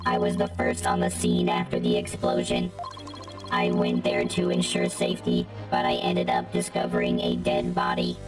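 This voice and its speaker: A synthetic text-to-speech voice playing a terse male bomb specialist in clipped, monotone statements. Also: very deep voice, moderate pace, over loud music, poor audio. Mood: flat.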